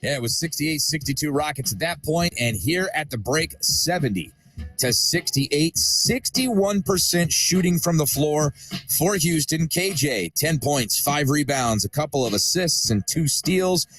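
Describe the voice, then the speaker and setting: Lively male sports highlight host. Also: measured pace, soft background music. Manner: upbeat, hyping the next clip. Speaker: studio host. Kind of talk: highlight recap narration.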